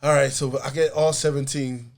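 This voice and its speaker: A man's voice: mid-range voice, flat delivery, moderate pace, creaky, a little hiss or hum. A man guest on a podcast, telling a story casually and animatedly, acting out other people's lines with frequent laughter. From United States. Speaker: podcast guest, artist and comedian.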